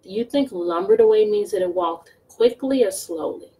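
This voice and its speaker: A woman teacher reading a picture book aloud to children, pausing to ask them questions. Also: medium pitch, husky, poor audio. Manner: slow, expressive, asks children questions. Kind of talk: storybook read-aloud lesson.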